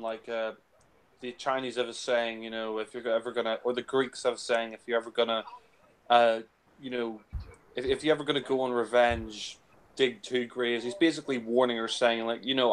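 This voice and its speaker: A man's voice: mid-range voice, poor audio. A crude, blunt man commentating casually. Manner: blunt and crude, with lots of fillers. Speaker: film commentator.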